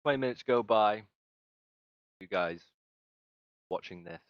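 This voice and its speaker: A man narrating as game master of a tabletop game, halting and hesitant as he describes scenes. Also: fairly low pitch, no echo, dull audio.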